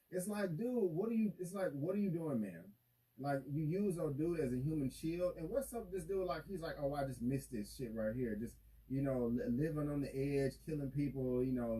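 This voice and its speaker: Laid-back man recapping a show, mellow tone. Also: medium pitch, low-quality recording. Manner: rambling, full of fillers, acts out characters' lines. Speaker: YouTube reaction host. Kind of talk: casual recap and commentary.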